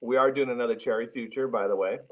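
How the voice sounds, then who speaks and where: A man's voice: mid-range voice, steady tone, fast talker, narrow, tinny audio, slight background noise. Male guest, film director type; mid-range voice, blunt and loose-tongued. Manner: blunt, swears freely. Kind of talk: casual podcast chat.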